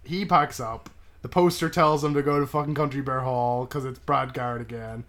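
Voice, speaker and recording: This podcast co-host is a man recapping a movie in casual, profane film-review chat, often ending lines with "right?". His voice is medium-pitched and a bit bright, with a steady tone and normal speed.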